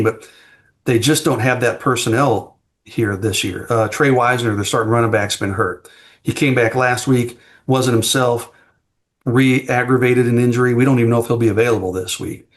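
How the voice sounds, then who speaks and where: A man's voice: medium pitch, normal speed. A man appearing as a guest sports writer in a casual podcast chat, giving frank, plain-spoken football analysis.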